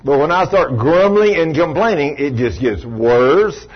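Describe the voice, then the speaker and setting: A man preaching a sermon in an animated storytelling way, acting out the voices he quotes, on a dull lo-fi recording. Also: fairly high pitch, a little slow, slightly rough.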